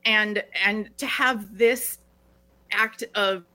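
Bright-voiced middle-aged woman, earnest and halting. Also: medium pitch, fairly even intonation. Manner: earnest, restarting phrases often. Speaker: guest. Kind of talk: reflective podcast conversation.

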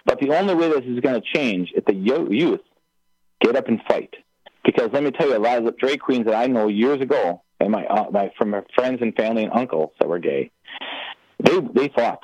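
A man's voice: medium pitch, expressive, fairly quick, darkish tone, breathy edge, no echo. A man calling in to a radio talk show, speaking with passion and rambling through many restarts. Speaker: caller. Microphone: telephone. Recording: dull phone line.

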